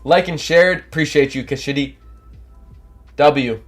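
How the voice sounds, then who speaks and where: A young Canadian man hosts a trading livestream, coaching and reading viewer comments in a hyped, casual, energetic way, his nose stuffed up from allergies. His voice is on the high side at a measured pace, with soft music in the background.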